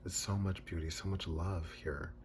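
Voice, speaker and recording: Deep-voiced man animatedly retelling a film. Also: normal speed, a little hiss or hum. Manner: animated retelling, acting out characters' lines. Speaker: film reviewer. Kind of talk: casual film recap.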